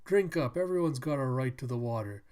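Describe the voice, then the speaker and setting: A man voicing a crowd of poor but cheerful townsfolk while reading a manga aloud, loud and folksy. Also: medium pitch, lively intonation, brisk, lightly acted. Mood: jolly.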